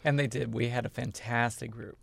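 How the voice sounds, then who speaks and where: A man's voice: medium pitch, steady tone, brisk, gravelly, a bit bright, no echo. A man who directs a community band, talking in a casual radio interview with many fillers. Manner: friendly, many "um" fillers, informative.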